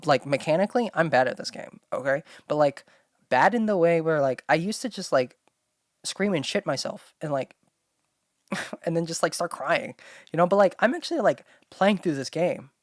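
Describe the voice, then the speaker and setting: A woman's voice: sits low, a little mellow, dry recording, studio quality. A young woman hosting her own chat show, rambling with constant fillers and talking bluntly with plenty of swearing. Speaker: solo podcast host. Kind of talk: casual talking-to-camera chat.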